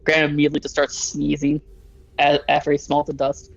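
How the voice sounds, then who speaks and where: A man's voice: on the high side, monotone, brisk, gravelly, dry recording, dull audio. A man playing in a tabletop game, talking in a loose, chatty way and laughing often. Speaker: player. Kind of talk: casual tabletop play.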